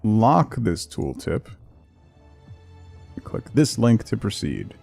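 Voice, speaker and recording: A man streaming a game, reading the tutorial text aloud in a flat, exhausted, yawning way. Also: takes it slowly, vocal fry, breathy edge, faint music behind. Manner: flat, low-energy delivery.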